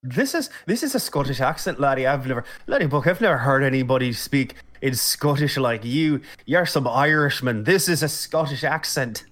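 A man doing a deliberately bad, joking Scottish accent on a casual podcast. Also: medium pitch, animated, fairly bright tone, lightly acted. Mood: mock-indignant.

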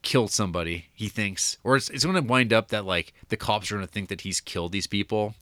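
Low-voiced male podcaster, loose and profane, dry close mic. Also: quick pace, a bit bright, no echo. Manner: rambling, profane, heavy use of "like" fillers. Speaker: podcast co-host reviewing horror films. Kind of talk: casual chat.

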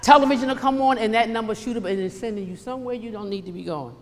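A woman preaching a sermon, emphatic and animated, swinging between loud bursts and hushed asides. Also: fairly high pitch, fast, big-room sound.

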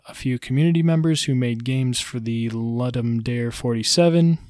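A man hosts his own podcast in a relaxed, easygoing way, with frequent ums and uhs as he talks. His voice sits at an ordinary middle pitch. The sound is dry and close, with no room echo. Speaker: podcast host. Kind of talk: casual solo podcast talk.

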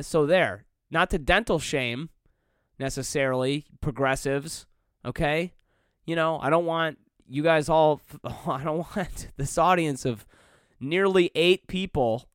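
Solo podcast host, young man, rambling and wry, slightly high smooth voice. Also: dry recording, studio quality. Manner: rambling, wry, full of fillers and restarts. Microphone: close studio mic.

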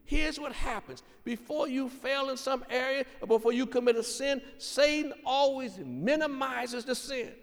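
A man preaches a sermon in a notably high voice. He speaks earnestly and with emphasis, driving his points home by repeating them. A long reverb from a large hall trails each phrase. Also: moderate pace, few pauses. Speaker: pastor.

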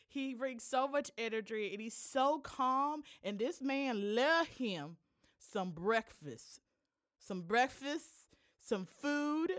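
Bubbly woman podcast host, lively voice. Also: on the high side. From Michigan. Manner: bubbly, playful, laughs often. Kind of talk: casual podcast chat. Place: Chicago.

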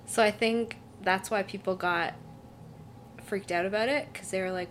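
Young woman co-host, chatty and animated, faint room hiss. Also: mid-range voice, unhurried. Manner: chatty, lots of "like", acts out quotes. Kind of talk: casual chat.

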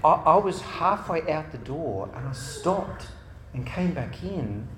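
A man's voice: on the high side, big pitch swings, takes it slowly, crowd noise. A man giving an earnest church talk to parents, telling stories and piling up examples in long lists. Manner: earnest, storytelling, repetitive lists. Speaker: speaker at a parents' meeting. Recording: roomy hall with faint ambience.

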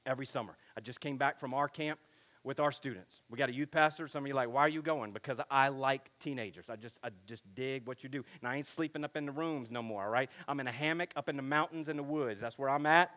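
Animated man preaching, bright voice. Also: mid-range voice, quick pace. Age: middle-aged. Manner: animated, joking, acts out family dialogue. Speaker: pastor speaking at a youth camp. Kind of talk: energetic sermon to teenagers.

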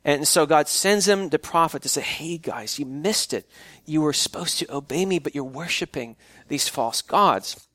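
Guy giving a chatty sermon, kinda high voice, stumbles and restarts a lot, dry close sound. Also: moderate pace, a bit bright, dry recording. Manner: conversational preaching with frequent restarts. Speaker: pastor.

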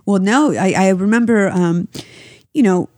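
A woman's voice: mid-range voice, unhurried, a little mellow, no echo. A woman speaking candidly as a guest in a casual conversation. She rambles, swears freely and laughs often. Her voice sits close and dry, with no room sound.

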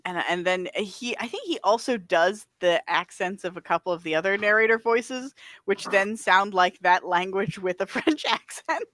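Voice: mid-range voice, normal speed, hardly any pauses, sharp tone, no room sound. Chatty podcast cohost, lots of likes and ums, dry close sound. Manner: rambling, heavy on filler words, laughs often. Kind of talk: casual chat about a video game.

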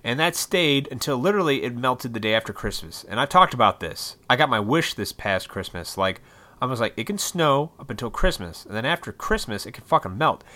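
A man in his thirties from Illinois, ranting casually and profanely on his own podcast, rambling and bursting into loud, excited outbursts. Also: mid-range voice, brisk. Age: 30s. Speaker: podcast host. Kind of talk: casual solo podcast rant.

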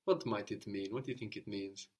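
A man's voice: on the low side, brisk. A man teaching a language lesson step by step, patient and encouraging, spelling out words and praising answers.

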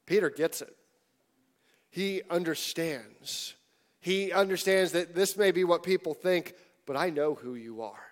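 A man preaching a sermon in a conversational, animated way, sometimes dropping to hushed tones. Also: a little high, a little slow. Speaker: pastor.

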